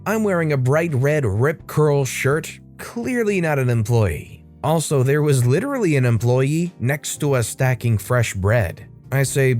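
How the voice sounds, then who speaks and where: Male storytelling narrator, mid-pitched, steady conversational read, faint music underneath. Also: unhurried, few pauses. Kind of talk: reading online stories aloud with commentary.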